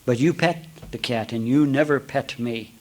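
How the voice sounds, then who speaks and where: A sulky cobra, as a man telling a fable puts him on, grumbles that he is loved less than the others. The voice stays at a plain middle pitch. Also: normal speed, darkish tone, close to an everyday voice. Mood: reproachful. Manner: complaining, reproachful. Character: resentful male cobra feeling unloved.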